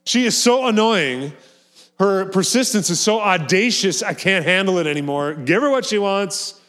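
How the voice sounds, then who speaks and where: A man's voice: high-pitched, expressive, moderate pace, fairly bright tone, voice pushed up. A man playing an exasperated judge who is fed up with a persistent widow, in a mock-outraged, squealing voice.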